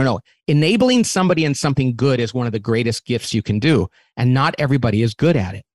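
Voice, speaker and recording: A man who runs a company, talking as an interview guest and lively acting out quoted remarks as he explains a model. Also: medium pitch, no room sound. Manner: animated, acts out quotes in different voices; repeats words when restarting.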